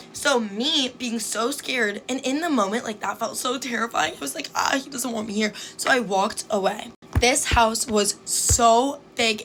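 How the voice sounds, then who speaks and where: A young adult woman telling an embarrassing story to her viewers in a chatty, fast way, full of "like" and acted-out quotes. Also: fairly high pitch, gravelly, fairly bright tone, a little hiss or hum. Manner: chatty, fast, heavy use of "like", acts out quotes. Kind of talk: casual storytime chat.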